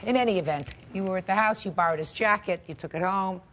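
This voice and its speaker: A woman's voice: medium pitch, quick pace, a bit bright, a little hiss or hum. A woman judge questioning a litigant in court, blunt and dryly sarcastic.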